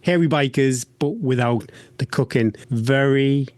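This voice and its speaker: A man co-hosting a podcast, talking in a relaxed, upbeat way. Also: medium pitch, unhurried, no echo. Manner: relaxed, upbeat, brief interjections. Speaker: podcast co-host. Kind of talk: casual chat.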